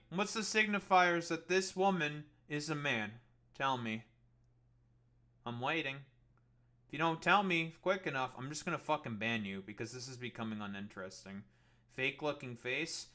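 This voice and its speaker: A man on a live stream, swearing constantly and mocking the people in his chat. His voice sits high for a man and has a bright, cutting edge. He talks straight into a desk mic. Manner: profane, combative, mocking. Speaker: political streamer. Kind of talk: livestream argument with chat.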